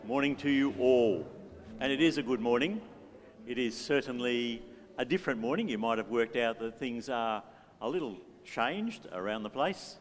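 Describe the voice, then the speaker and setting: A man's voice: mid-range voice, expressive, normal speed, slight background noise. Playful man leading church. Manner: playful, joking, coaxing the congregation. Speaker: worship leader. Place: church hall. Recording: reverberant church hall with faint music.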